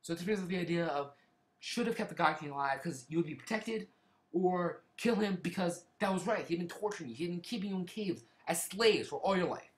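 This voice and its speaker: A high-voiced man talks briskly with lively intonation in an echoey room. He gives a casual, rambling plot summary of a book as a reviewer, often starting over and hedging his statements.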